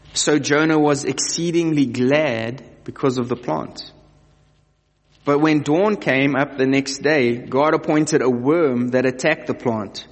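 Man preaching in a reverberant hall. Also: medium pitch. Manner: conversational, asks the listeners direct questions. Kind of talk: sermon with scripture reading.

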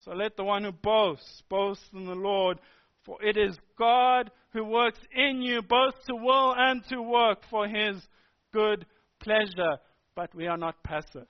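A man with a very high voice preaches a sermon, pressing each point with repeated, emphatic phrases. The recording sounds dull and lo-fi. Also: fairly even intonation, unhurried, clear, resonant tone. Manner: emphatic, repetitive preaching cadence.

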